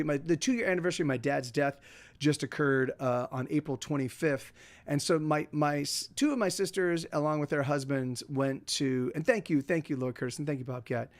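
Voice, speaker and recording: A middle-aged man chatting to his live stream audience from home, rambling with many restarts and fillers. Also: fairly high pitch. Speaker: livestream host. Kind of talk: casual chat to a live audience.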